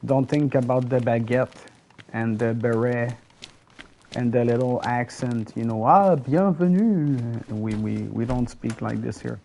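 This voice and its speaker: Slow, mellow French Canadian man. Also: mid-range voice, little pitch movement, vocal fry, a little hiss or hum. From Quebec, Canada. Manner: chatty, rambling, casual swearing. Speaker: gaming channel host. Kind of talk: solo gameplay commentary.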